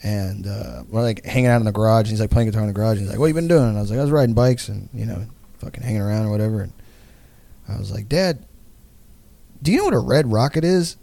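A man's voice: fairly low pitch, quick pace, creaky, mellow, dry recording. A young man casually telling a long story on a podcast, rambling with lots of fillers and swearing. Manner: rambling, lots of "like" fillers and profanity, laughs often. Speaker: podcast co-host.

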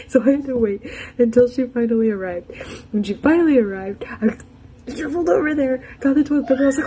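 A woman's voice: a little high, lively intonation, moderate pace, mellow, slight background noise, poor audio. A young adult woman telling a casual personal anecdote in a chatty, frank and self-mocking way. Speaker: storyteller.

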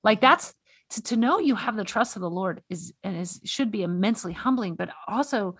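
A woman's voice: mid-range voice, expressive, normal speed, a bit bright, breathy edge, dry recording. A woman hosting a faith-based conversation, earnest and exhorting, often repeating words as she speaks. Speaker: podcast host.

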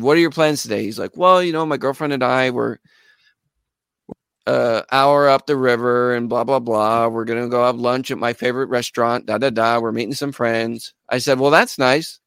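Young male musician, mid-pitched voice, excitable anecdote teller, dry mic. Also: clean tone, no echo. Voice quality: animated, laughs while telling. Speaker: musician guest. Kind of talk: casual storytelling.

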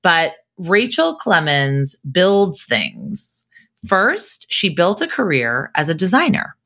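A middle-aged woman hosts a podcast, opening with an intro and chatting in an upbeat, thankful, enthusiastic way. Her voice sits fairly low but swoops wildly in pitch, slow and a bit bright.

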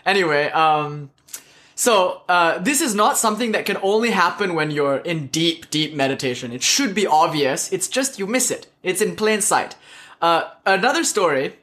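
A man's voice: high-pitched, expressive, moderate pace, pushed and bright. A man from South India giving a casual, joking spiritual talk full of stories. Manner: joking, conversational, laughs often. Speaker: spiritual teacher.

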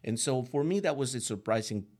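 A man's voice: medium pitch, expressive, brisk, a little mellow. A middle-aged man whose first language is not English, a guest chatting earnestly and rambling about raising his teenage sons, with many fillers and restarts. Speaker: guest, father of three teenage boys. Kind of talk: casual interview chat.

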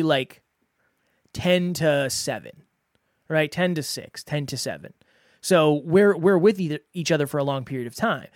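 A man's voice: on the high side, no room sound, clean studio sound. A man hosting a podcast, giving earnest, conversational advice and repeating words for emphasis. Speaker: podcast host. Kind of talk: solo podcast advice talk.

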